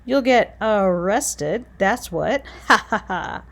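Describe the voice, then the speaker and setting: A woman voicing a gleeful grown man museum director in a storybook, shouting and joking. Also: medium pitch, lively intonation, takes it slowly, creaky, full character voice. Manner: loud, joking.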